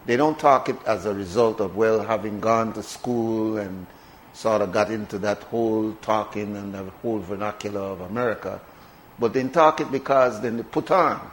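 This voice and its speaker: A man with a Belizean accent and a fairly low voice hosts a morning radio talk show, speaking at a moderate pace. He chats conversationally and repeats words for emphasis. The recording is low quality, with slight background noise.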